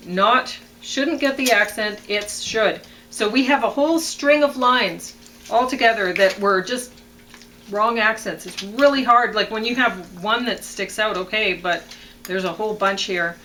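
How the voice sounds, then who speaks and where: A woman with a bright, clear voice talks through song lyrics in a loose, chatty way. She reads a line, pauses on fillers, then says which word should get the accent. Faint noise sits under the recording. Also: mid-range voice, rough recording. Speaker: podcast co-host reviewing songs. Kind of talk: casual analytical chat.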